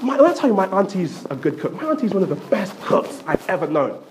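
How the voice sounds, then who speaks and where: Male preacher, playful and animated, often repeating his words as he builds a story. His voice sits fairly high and swings widely in pitch. A faint hiss runs under the sermon. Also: quick pace. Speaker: pastor.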